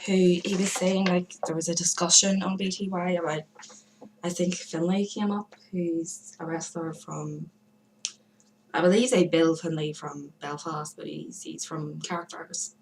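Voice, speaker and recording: Slow, low-voiced woman rambling to camera. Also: steady tone, background noise. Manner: hesitant, many fillers and restarts, chatty asides. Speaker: vlogger giving forum shout-outs. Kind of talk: casual rambling monologue to camera. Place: room at home by a window.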